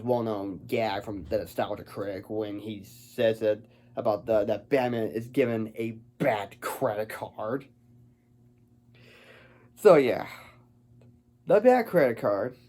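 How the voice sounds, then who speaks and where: A man's voice: medium pitch, dark tone. Rambling man reviewing a film. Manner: rambling, stumbles over words.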